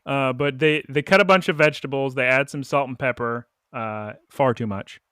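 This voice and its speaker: A man co-hosting a casual podcast, animatedly retelling a cartoon episode with quick quoted voices and laughs. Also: mid-range voice, a bit bright, clear, resonant tone, no echo, studio quality. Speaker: podcast co-host.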